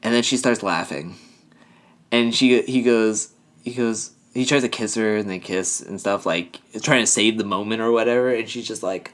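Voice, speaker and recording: A man of ordinary pitch chats casually as a podcast co-host. He rambles through a recap, leaning on fillers and acting out what people said. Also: unhurried, a bit bright. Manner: rambling, filler-heavy, acts out quoted lines. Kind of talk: casual chat recapping a TV show.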